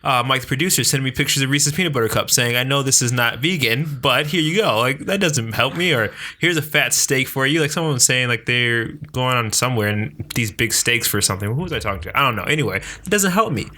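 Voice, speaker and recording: A man with a bright, forceful voice and medium pitch, co-hosting a casual podcast. He talks eagerly and energetically, often poking fun at himself. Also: fast talker, few pauses. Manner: energetic, eager, self-deprecating. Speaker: podcast co-host.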